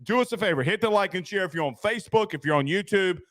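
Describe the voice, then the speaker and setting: A man hosting a casual sports talk show, rambling and excitable, laughing at his own jokes. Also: high voice, quick pace, no room sound, studio quality.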